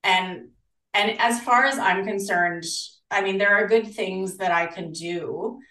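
An animated Australian woman talks as a podcast guest and slips into the voices of people she quotes. Her voice is mid-pitched and sounds roomy. It comes from a little way back from the microphone. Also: a little slow. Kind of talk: casual interview chat. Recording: roomy, distant from the mic.

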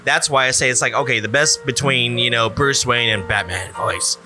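A man co-hosting a casual podcast about movies, animated and rambling, repeating himself and swearing freely. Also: mid-range voice, normal speed, over music. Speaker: podcast co-host.

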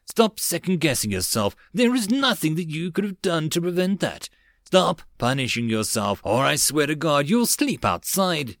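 A caring young princess speaks softly and soothingly, her voice lifted above a man's usual register, as a male narrator puts her on. The sound is dry and close, with no room around it. She turns fierce when pushed but stays tender. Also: sing-song, normal speed, few pauses, no room sound. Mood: scolding. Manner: soft and soothing, raised pitch.

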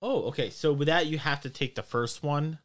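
A man running a tabletop role-playing game as game master, explaining the rules in a relaxed way with fillers. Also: fairly high pitch, fairly quick, no room sound.

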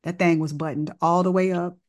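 A woman doctor with a low, deep-set voice tells a story in easygoing, informal talk. She acts out the exchanges with the people in it and keeps a conversational pace. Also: fairly quick. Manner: animated, acts out dialogue in the story; casual, informal wording.

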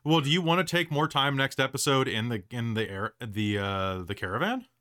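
A man's voice: mid-range voice, expressive, fairly quick, pushed and bright. A man running a tabletop game, talking casually on a podcast and rambling with frequent restarts. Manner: rambling, many fillers and restarts. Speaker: game master.

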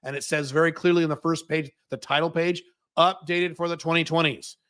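A man's voice: a little high, steady tone, a little fast, a bit bright. An American man hosting a Q&A stream, bluntly answering viewer questions with profanity and mocking impressions. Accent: General American. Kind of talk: livestream Q&A monologue. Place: living in Dubai.

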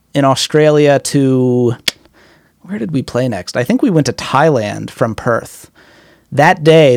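A young man in his twenties casually telling rambling stories about drumming and touring, swearing freely and getting excited in asides. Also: medium pitch, dry recording, clean studio sound. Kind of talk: casual storytelling.

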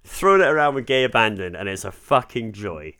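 A Scottish man co-hosting a podcast, talking in a relaxed, jokey way and swearing freely. His voice is smooth and clear. The recording is close and dry, with no room sound. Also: lowish voice, fairly quick, no room sound. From Scotland. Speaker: podcast co-host. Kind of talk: casual chat.

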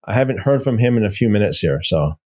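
A man's voice: lowish voice, lively intonation, fast talker, a little mellow, breathy edge. A man hosting a casual livestream, rambling and taunting, repeating himself as he reads viewer comments. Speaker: livestream host.

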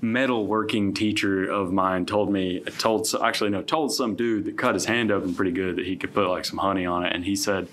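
A man's voice: deep voice, fairly even intonation, brisk, few pauses, a bit bright. A man co-host in casual chat, hesitant and repeating words as he thinks aloud. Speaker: podcast co-host.

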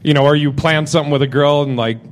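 Comic guy rambling thru road stories, kinda high voice, keeps restarting. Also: steady tone, quick pace. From Pacific Northwest. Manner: rambling, self-interrupting anecdotes with quoted voices. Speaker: comedian guest. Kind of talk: casual storytelling on a live podcast. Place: live comedy festival stage.

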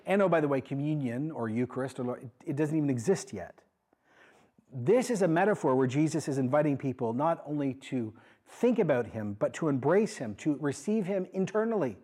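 A man preaching a sermon as pastor, conversational and animated, with emphatic asides. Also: fairly high pitch, a little fast.

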